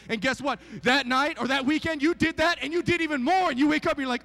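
A man in his forties preaching a sermon, telling stories with swings from hushed to near-shouting, often asking the crowd "right?". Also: very high-pitched, big pitch swings, fast talker, few pauses, big-room sound. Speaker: pastor.

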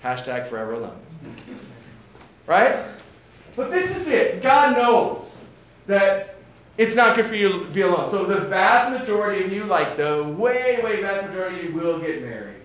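A man's voice: high-pitched, sing-song, moderate pace, fairly bright tone. A young adult man preaching a sermon in a casual, conversational way, with joking asides and frequent checks of "right?". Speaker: pastor. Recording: roomy hall sound, faint background noise.

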